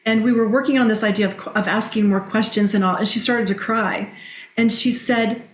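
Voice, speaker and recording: A middle-aged woman who leads in direct selling speaks briskly in a mid-range voice during a podcast interview, recorded with roomy echo. An animated storyteller, she shares stories and coaching advice, often acting out what others said.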